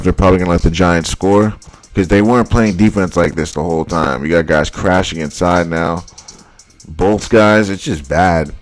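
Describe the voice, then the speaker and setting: A man breaking down football highlights in casual commentary, blunt and exasperated, repeating his points. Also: darkish tone, dry recording. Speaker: football film analyst.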